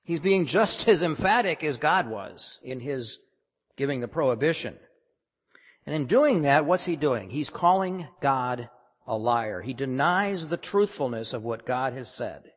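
A man's voice: medium pitch, animated, measured pace. A man preaching a sermon, emphatic and often questioning the congregation. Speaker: pastor. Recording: long hall reverb.

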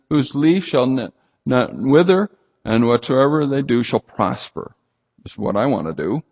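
Guy giving a sermon, lively emphatic delivery, reverb from a big hall. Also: medium pitch, vocal fry, muffled recording. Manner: emphatic, rhetorical questions, reads scripture aloud. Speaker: preacher.

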